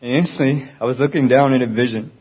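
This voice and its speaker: A man speaks in an earnest, pleading way as he gives a spoken Christian testimony. His voice sits at an ordinary pitch for a man. The recording is dull and lo-fi. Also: fairly even intonation, fast talker, husky.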